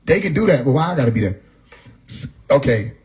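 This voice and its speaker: A man's voice: mid-range voice, big pitch swings, a little fast, darkish tone, low-quality recording. A man talking casually on a livestream, laid-back and profane, often laughing as he talks. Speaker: livestream host. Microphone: phone mic.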